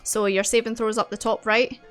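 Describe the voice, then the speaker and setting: A woman's voice: fairly high pitch, flat delivery, fairly quick, faint music behind. A woman running a tabletop game as game master, narrating in a giggly, chatty way.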